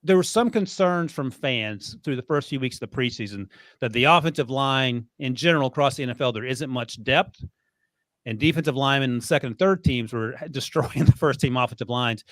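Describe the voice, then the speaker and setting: A man co-hosting a podcast, talking fast and teasing his co-host with frequent laughs. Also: medium pitch, fairly bright tone, no room sound. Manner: quick, laughs often, teasing. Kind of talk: casual sports chat.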